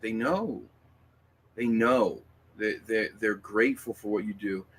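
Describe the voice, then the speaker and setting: A man's voice: lowish voice, a little slow, fairly bright tone, slight background noise. A man hosting a casual livestream, reading viewer comments and talking in a rambling, emphatic way with lots of fillers, restarts and swearing.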